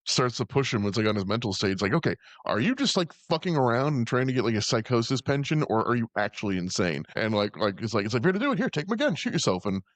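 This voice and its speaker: A man co-hosting a casual movie podcast, rapidly retelling scenes with profanity and voiced-out character lines. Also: fairly low pitch, dry recording. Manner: fast, profane, mimics characters. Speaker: podcast co-host. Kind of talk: casual movie-recap chat.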